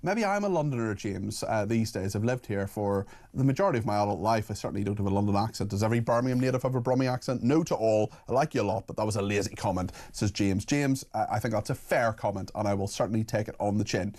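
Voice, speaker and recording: A man hosting a talk radio phone-in, taking calls and briskly reading out listener messages. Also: fairly low pitch, darkish tone. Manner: brisk, reads messages aloud quickly. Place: radio studio.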